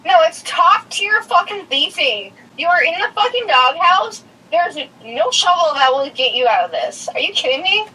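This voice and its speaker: A woman on a phone call with her father, ranting loudly and profanely in a comic, exaggerated way. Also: extremely high pitch, very animated, moderate pace, hardly any pauses, far from the mic. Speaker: caller, host's youngest daughter.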